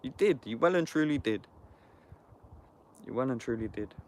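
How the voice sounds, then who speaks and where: A man's voice: medium pitch, expressive, moderate pace. A man in a casual livestream chat, talking bluntly and heatedly, swearing and saying "bruv" constantly.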